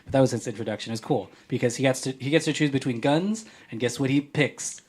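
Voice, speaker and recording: A man's voice: medium pitch, fast talker, a little mellow, a little hiss or hum. A man hosting a podcast, chatting casually and reading listener mail in a playful, joking way. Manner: playful, jokey, rambling. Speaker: podcast host.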